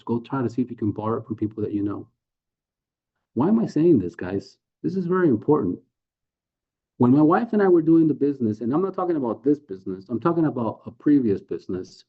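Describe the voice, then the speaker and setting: A man leading a sales training, talking persuasively with rhetorical questions and acted-out sales dialogues. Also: mid-range voice. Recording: phone-like narrow audio.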